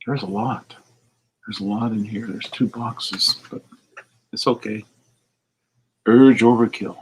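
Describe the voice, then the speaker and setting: A man with a fairly low voice speaks slowly and evenly, in a low-quality recording with slight background noise. He's an American record store owner casually vlogging to his viewers as he looks over used CDs in his shop, rambling and muttering little asides to himself.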